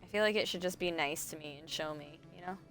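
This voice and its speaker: A woman's voice: low voice, fast, a bit bright, soft background music. A woman streaming a video game live, chatting casually to herself and her viewers and laughing often. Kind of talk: casual live gameplay commentary.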